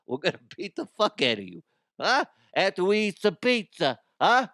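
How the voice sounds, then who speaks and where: A man's voice: sits high, huge pitch swings, moderate pace, sharp tone, no room sound, studio quality, voice pushed up, exaggerated voice. A man mimicking an angry New Yorker, with a New York accent and blustering tough-guy threats. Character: loud brash male New Yorker, angry pizza lover.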